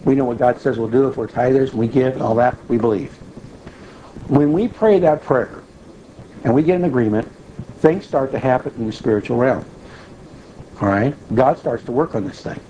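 Guy preaching, chatty teaching sermon, warm mellow voice, faint hum behind. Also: medium pitch, moderate pace, long pauses, lo-fi sound. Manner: conversational teaching, frequent check-ins with listeners.

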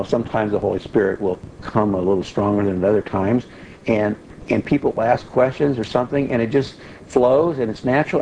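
A man's voice: medium pitch, darkish tone, lo-fi sound, a little hiss or hum. A man teaching an informal Bible study in a loose, conversational way, with frequent restarts and asides.

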